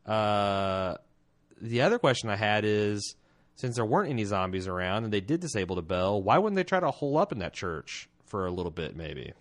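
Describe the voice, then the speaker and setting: A man's voice: on the low side, very animated, fairly quick. A man co-hosting a podcast in casual chat, dry and sardonic, joking as he talks. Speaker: podcast co-host.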